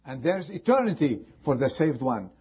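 A man preaching a sermon as pastor, impassioned, rising high and then dropping to a hush. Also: very animated, normal speed, slightly rough, muffled recording. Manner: impassioned preaching with sudden drops to quiet.

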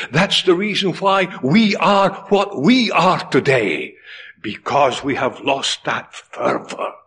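Male preacher going hard, slow with long pauses, loud then hushed, kinda husky high voice. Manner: impassioned, swinging from loud cries to hushed near-whispers; dramatic pauses. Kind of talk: sermon.

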